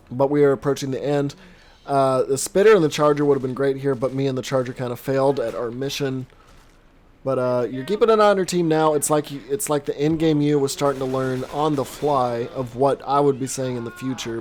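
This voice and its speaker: A man coaching a player over gameplay footage in casual commentary, animated with quick reactions and a voice strained from talking. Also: medium pitch, slight background noise. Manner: animated, quick reactions, self-deprecating asides. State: voice strained from long recording.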